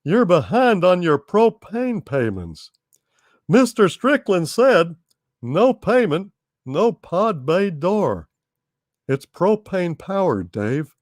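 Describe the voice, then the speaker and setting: A man's voice: high-pitched, big pitch swings, takes it slowly, no echo, clean studio sound, pitched above the performer's own voice, heavily acted. A man voicing a folksy, middle-aged salesman who is also a ship computer, scolding in a proud, down-home way.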